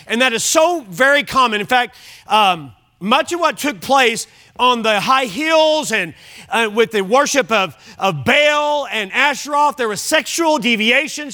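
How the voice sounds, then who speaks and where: A man's voice: very high voice, pushed and bright. A man preaching an evening sermon in church, reading scripture aloud and explaining it with frequent check-ins to the congregation. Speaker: pastor.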